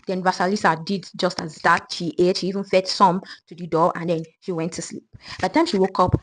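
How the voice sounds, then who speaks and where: A woman retelling a folk tale in a lively, conversational way, with asides to the listener. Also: lowish voice, fairly quick, slight background noise, poor audio. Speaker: storyteller. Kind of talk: casual storytelling.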